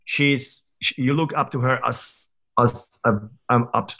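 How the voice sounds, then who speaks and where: A man over thirty talks as a podcast guest, working through his stories in a loose, candid way. He circles back often with fillers and half-started words, and his pitch sits in an ordinary middle range. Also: fairly even intonation, a little slow, pushed and bright. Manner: candid, reflective storytelling with frequent fillers and restarts. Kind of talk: casual conversational interview.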